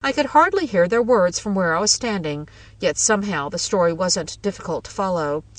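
A woman narrating a first-person ghost story in a measured, wry way. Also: fairly low pitch, animated, no echo, recorded from a distance, poor audio.

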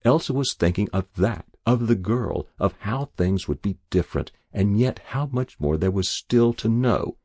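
A man's voice: fairly low pitch, lively intonation, moderate pace, hardly any pauses, dark tone, dry recording, clean studio sound. A man reading a story aloud, narrating expressively. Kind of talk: audiobook reading.

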